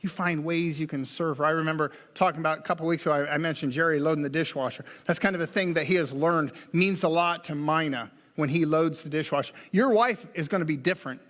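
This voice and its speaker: Male pastor, high voice, folksy preaching, long church reverb. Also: fast talker, hardly any pauses, a bit bright. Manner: folksy, joking asides. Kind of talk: sermon. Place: church sanctuary.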